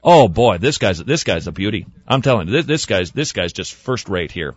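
A man hosting a radio talk show, commenting sarcastically on sermon clips and swinging between loud remarks and hushed asides. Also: on the low side, very animated, moderate pace, hardly any pauses, husky, dry recording, highs cut off.

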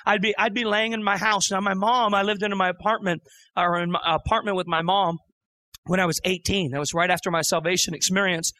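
A middle-aged male preacher telling his testimony as a sermon, animated and acting out the voices in his story. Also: high voice, a little fast.

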